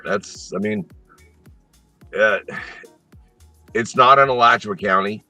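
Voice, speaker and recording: A man chatting as a guest, explaining things in a relaxed way with small hesitations. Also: lowish voice, slow pace, dry recording, faint music behind. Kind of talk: casual chat.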